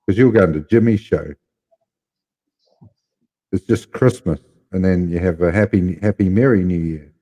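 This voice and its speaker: Kiwi male streamer, casual banter, warm dark tone. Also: deep voice, normal speed, long pauses, big-room sound. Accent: New Zealand. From New Zealand. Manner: playful, joking. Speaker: livestream host. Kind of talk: casual live chat.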